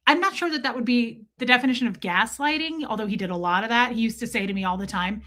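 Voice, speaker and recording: Talking fast with few pauses, a woman runs a livestream in a slightly high, bright, forceful voice. She reads viewer comments and answers chat bluntly, swearing as she goes.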